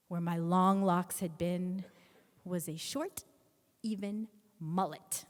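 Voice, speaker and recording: A woman in her fifties telling a personal story live on stage, animated and acting out scenes. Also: on the low side. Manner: animated, acts out scenes with voices. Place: stage in a hall. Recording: long hall reverb from a stage.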